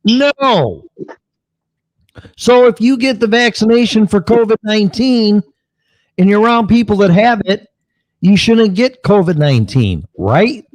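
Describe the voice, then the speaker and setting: Blunt mocking man, lively and dry. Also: high voice, normal speed, dry recording, rough recording. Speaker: co-host. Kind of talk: angry political rant.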